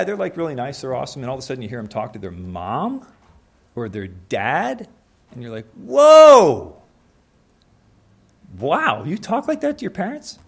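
A young man preaching a sermon in a conversational way, acting out little scenes with quick changes of voice. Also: medium pitch.

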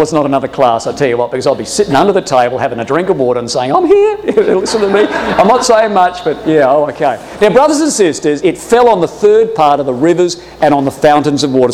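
Animated man teaching Bible class. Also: fairly high pitch, slight background noise. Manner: jokey, animated, addresses "brothers and sisters". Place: hall with a live audience. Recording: long echo of a hall.

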